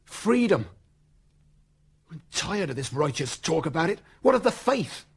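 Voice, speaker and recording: A devout, torn young Royalist officer speaks with impassioned earnestness, his husky voice sitting somewhat high and moving widely in pitch. The delivery belongs to a 1970s radio play. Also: very animated, a little slow, full character voice. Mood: anguished. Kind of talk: 1970s radio drama acting.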